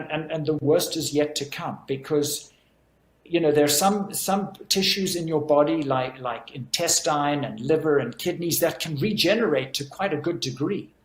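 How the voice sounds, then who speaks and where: A man's voice: fairly high pitch, echoey room. A man speaking as a physician guest in an interview, explaining earnestly and with emphasis.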